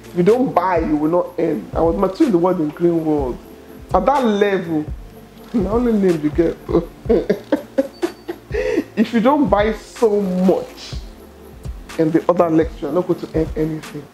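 A middle-aged Nigerian woman telling her story as an interview guest, expressive and quick to laugh. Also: lowish voice, faint music behind. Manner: expressive, laughs often, acts out quoted dialogue. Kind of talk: animated personal storytelling.

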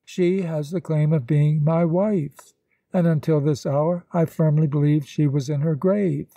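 A man reading the lines of a grave, sorrowful gentleman in a storybook, in a measured and solemn way. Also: a little high, steady tone, dry recording.

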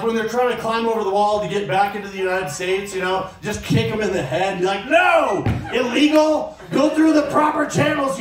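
A man doing a profane, sarcastic stand-up set, ranting on stage before a live audience. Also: sits high. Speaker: stand-up comedian. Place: comedy club stage with audience. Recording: live room echo, distant mic, crowd. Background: audience laughter.

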